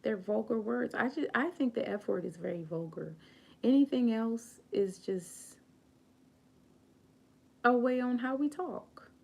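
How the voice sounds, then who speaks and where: An American woman hosting a live stream, speaking slowly and earnestly about grace and communication, quoting scripture and sometimes dropping to a soft whisper. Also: fairly high pitch, expressive, creaky. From United States. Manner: slow, earnest, preachy, quotes scripture. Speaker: channel host. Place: home, late at night.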